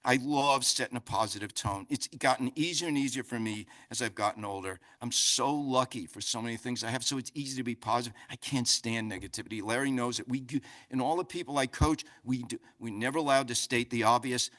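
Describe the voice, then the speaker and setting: Older man, New Jersey accent, animated motivational speaker, bright voice. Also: medium pitch, fairly quick, hardly any pauses. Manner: loud, talkative, animated storyteller. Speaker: keynote speaker. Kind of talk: motivational speech. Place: conference center.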